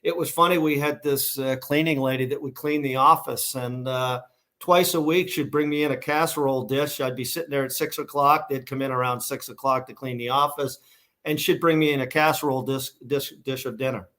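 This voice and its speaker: A man's voice: medium pitch, steady tone, a little fast, fairly bright tone. Boston-accented man telling stories. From Massachusetts, USA. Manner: rambling, many restarts and fillers. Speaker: guest, shoe company founder. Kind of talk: casual interview storytelling.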